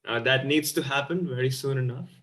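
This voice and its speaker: Upbeat male host, quick laughs. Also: medium pitch, a bit bright. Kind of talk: hosting an online panel chat.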